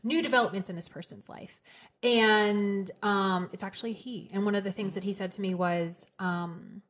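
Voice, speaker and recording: A woman's voice: medium pitch, moderate pace. A woman co-hosting a casual podcast chat as a coach, talking in a reflective, earnest way. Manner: reflective, earnest, quotes others in lively voices.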